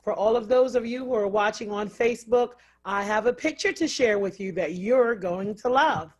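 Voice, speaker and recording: A woman's voice: medium pitch, moderate pace. A woman political activist guesting on a radio talk show, assertive and dramatic, asking rhetorical questions. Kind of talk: radio interview.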